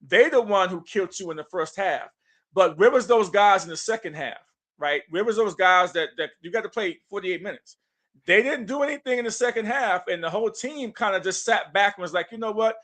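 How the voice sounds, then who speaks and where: A man with a high, bright voice co-hosts a casual basketball podcast. He talks in punchy, emphatic bursts and hypes the game up. His tone has a forceful edge. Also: animated, brisk. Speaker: podcast co-host. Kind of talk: casual sports talk.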